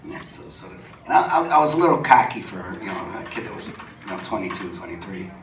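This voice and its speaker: A man's voice: deep voice, sing-song, fast talker, a bit bright. Older man telling stories in a club. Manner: chatty, laughs often, acts out quoted dialogue. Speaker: guest storyteller. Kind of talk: live on-stage storytelling. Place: supper club stage before an audience. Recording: roomy venue sound from a distant mic with background noise.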